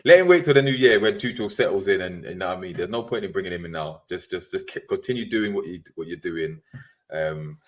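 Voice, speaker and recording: A man's voice: low-pitched, expressive, quick pace. A man co-hosting a podcast, laid-back and trailing off as he talks football. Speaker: podcast co-host. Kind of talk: casual football chat.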